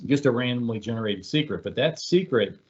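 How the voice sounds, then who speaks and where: In a muffled recording, a man with a mid-range, expressive voice presents a security webinar a little fast. It's a casual explanatory talk, conversational and full of fillers, with storytelling mixed in.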